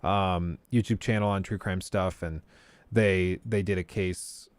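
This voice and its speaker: A man's voice: low voice, fairly even intonation, a little slow, clean tone, no room sound. An American man hosts a casual livestream, talking things through conversationally. He often restarts his sentences and fills the gaps with "um." His voice is close and dry, with no room sound. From United States. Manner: conversational, frequent fillers and restarts. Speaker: streamer host.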